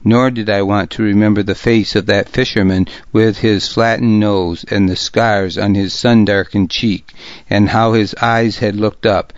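A man narrating a historical novel in the first person, with a deliberate, gravely serious reading. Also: lowish voice, steady tone, dry recording, dull audio. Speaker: audiobook narrator.

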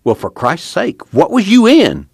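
A man's voice: lowish voice, big pitch swings, brisk, a bit bright, no echo, studio quality. A man voicing a brash, hot-headed young man with a drawl. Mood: brash, angry. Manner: brash, swearing.

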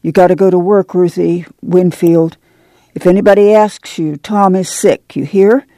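A reader voicing a firm, protective farm mother who gives orders in a low, hushed, urgent way. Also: steady tone, normal speed, no echo, close to an everyday voice.

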